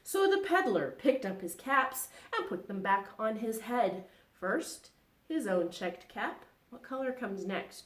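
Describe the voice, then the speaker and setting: A woman reading a children's story aloud, animated and asking the young listeners questions as she goes. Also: on the high side, reverberant.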